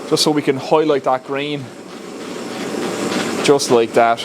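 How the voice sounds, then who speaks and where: A man's voice: medium pitch, fairly even intonation, slow, background noise. A man with an Irish accent casually talking through a woodworking build step by step, recorded in his home workshop. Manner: chatty, explains step by step, laughs at himself. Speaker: woodworking YouTuber.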